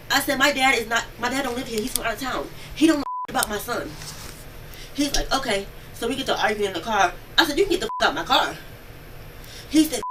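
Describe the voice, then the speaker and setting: A woman witness giving a rapid, breathless account of events to police at home. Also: on the high side, expressive. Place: home, near the kitchen. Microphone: police bodycam. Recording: distant bodycam audio with background noise.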